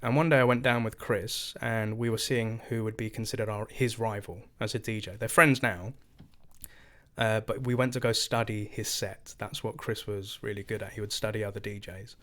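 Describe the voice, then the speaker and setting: A man's voice: lowish voice, moderate pace. An English man in his thirties, a guest casually telling stories from his past and acting out the voices of the people in them. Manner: animated, acts out quoted voices. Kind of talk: casual storytelling interview.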